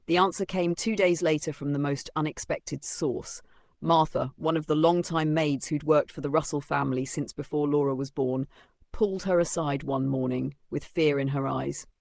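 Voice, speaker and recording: A man reading a dramatic story as narrator in steady, scripted storytelling. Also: a little high, moderate pace, vocal fry, no room sound.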